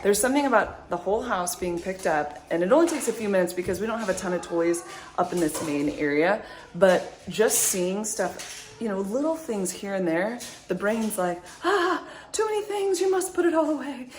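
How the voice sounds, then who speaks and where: A woman's voice: mid-range voice, normal speed, darkish tone. A woman in her thirties chatting casually to her viewers in a vlog, upbeat and rambling, with lots of likes and ums. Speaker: vlogger, mother.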